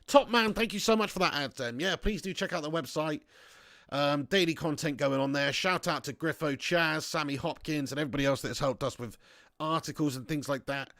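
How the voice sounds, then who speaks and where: Chatty guy hosting a football watch-along, jokey rambling banter, slightly high voice, dry sound. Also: a little fast, a bit bright, dry recording. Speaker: livestream host reading viewer chat.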